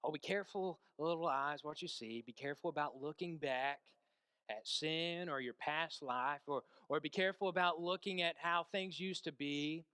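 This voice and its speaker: A man preaching a sermon, telling a story with hushed stretches and emphatic peaks and asking the congregation questions. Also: fairly high pitch, normal speed, smooth, no echo.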